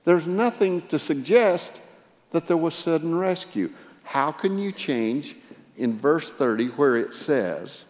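A man's voice: fairly high pitch, animated, slow, in a large hall. A man preaching a sermon, retelling scripture with dramatic swings in volume.

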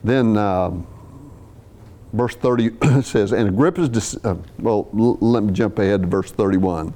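Mellow-voiced man preaching a sermon. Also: fairly low pitch, a little slow. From US South. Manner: conversational, with restarts and brief asides.

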